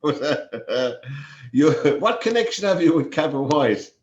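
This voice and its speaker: A man's voice: a little high, very animated, a little slow. A man with an Irish accent, hosting a talk show and interviewing his guest in an affable, chatty way. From Ireland. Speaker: host. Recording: echoey, muffled room mic.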